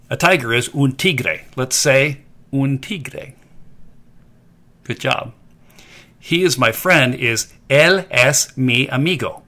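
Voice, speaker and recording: Playful, lively-voiced male language teacher. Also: medium pitch. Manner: playful, repeats phrases for learners to echo. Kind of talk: scripted narration for a kids' lesson.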